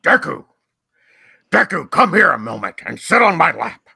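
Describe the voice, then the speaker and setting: A man voicing a gentle fatherly fishman who gives slow, earnest advice in a podcast improv scene. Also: fairly high pitch, big pitch swings, creaky, breathy edge, no echo, studio quality, heavily acted. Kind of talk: improv character voice.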